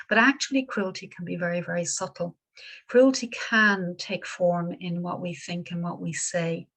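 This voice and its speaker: Gravelly woman giving a gentle talk. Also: fairly low pitch, low-quality recording. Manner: gentle, reflective, many restarts and pauses. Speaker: Buddhist teacher. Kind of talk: dharma talk.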